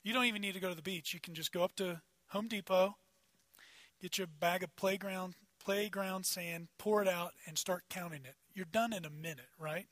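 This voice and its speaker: A man preaching a sermon as pastor, talking conversationally and swinging between loud emphasis and quiet asides. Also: sits high, normal speed, no echo.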